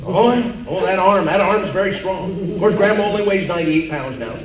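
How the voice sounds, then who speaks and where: An older man performing a corny comedy slide show for a live audience, narrating and yelling out quoted lines. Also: high voice, brisk, a crowd in the background. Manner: corny storytelling with exaggerated yelled quotes. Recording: echoey live hall from far off with audience.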